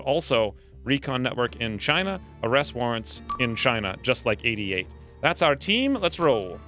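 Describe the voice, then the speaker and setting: A man's voice: mid-range voice, sharp tone. A man hosting a let's play video, giving casual, upbeat commentary and explaining his plans as he plays. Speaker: gaming channel host.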